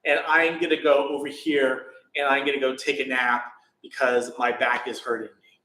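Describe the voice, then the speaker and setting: A man's voice: medium pitch, little pitch movement, normal speed, pushed and bright, slight background noise, natural voice. A man voicing a proud but weary rival teacher who speaks offhandedly, in an echoey room. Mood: offhand.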